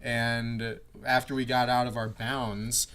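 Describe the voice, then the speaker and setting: A man plays in a tabletop game and recaps things in a rambling, hesitant way. His voice sits at a middle pitch. A faint hiss of noise runs behind him. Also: flat delivery, slow pace, fairly bright tone. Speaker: player. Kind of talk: casual game chat.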